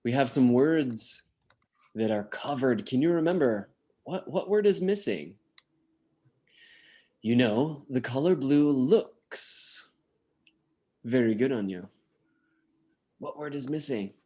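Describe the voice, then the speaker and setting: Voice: medium pitch, lively intonation, unhurried, long pauses, warm tone. An English teacher running an online class over a video call, who draws out key words for emphasis and switches into Spanish to explain.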